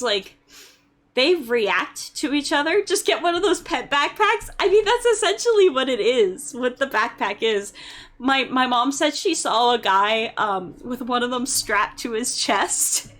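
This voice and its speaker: A young woman streaming and chatting to her viewers in a relaxed, rambling way, full of ums and likes. Her voice sits fairly high, and she takes her time with the words. She tells stories with building exasperation. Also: measured pace. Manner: chatty storytelling, heavy fillers, gets loud and exasperated when ranting. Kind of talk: casual chat.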